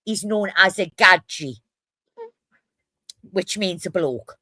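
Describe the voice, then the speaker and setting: A woman from Newcastle with a Geordie accent, chatting casually as a co-host, fast-talking, blunt and full of swearing. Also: fairly low pitch, bright, forceful tone, dry recording. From Newcastle, England. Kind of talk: casual chat.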